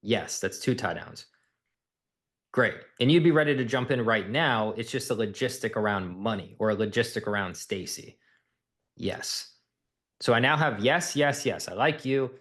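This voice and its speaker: A man's voice: mid-range voice, expressive, normal speed, fairly bright tone. Blunt, emphatic male sales coach. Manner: blunt, emphatic, repeats phrases for effect.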